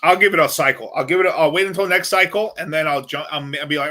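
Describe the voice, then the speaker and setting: A male host rambles through viewer questions in a casual livestream with a bright, forceful voice. He talks bluntly, swears often and pitches a bit on the high side. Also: fast talker.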